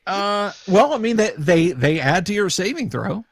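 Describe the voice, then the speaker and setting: A man's voice: high-pitched, very animated, creaky, no room sound, studio quality. A man running a tabletop fantasy game as dungeon master, narrating with many restarts. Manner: halting, with many restarts and fillers. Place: home setup, livestream.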